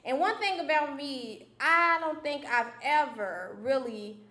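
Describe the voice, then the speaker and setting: A woman's voice: high-pitched, expressive, a little slow, sharp tone. A young woman giving a conversational, personal sermon in a church, telling stories with frequent restarts and asides. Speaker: guest preacher. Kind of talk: testimony-style sermon. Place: church sanctuary. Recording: echoey church sanctuary.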